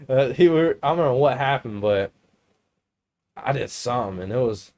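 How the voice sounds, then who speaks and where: A man's voice: mid-range voice, animated, normal speed, darkish tone. A man in his twenties, a podcast co-host, telling rambling, profane stories in casual chat and laughing often.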